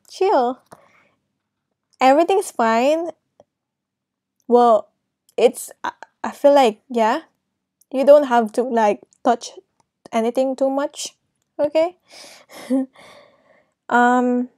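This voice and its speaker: A woman's voice: fairly high pitch, takes it slowly, long pauses, darkish tone, no echo. A woman giving a casual tarot reading, talking straight to the viewer with lots of laughter and reassuring "okay?"s, moved close to tears. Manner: emotional, laughs often, talks to viewer directly. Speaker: tarot reader.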